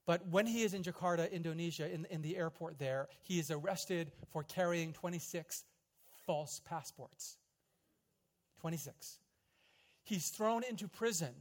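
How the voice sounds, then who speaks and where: Man, pastor preaching, dramatic storyteller, slightly high voice, loud-soft swings. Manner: dramatic storytelling, rising loud in quoted prayers and dropping soft. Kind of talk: sermon.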